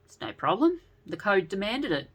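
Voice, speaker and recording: A woman's voice: mid-range voice, big pitch swings, normal speed, fairly bright tone, slightly rough. Young woman, sullen and defensive, read by a woman. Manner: defensive, shrugging. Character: sullen young woman, loyal to family code.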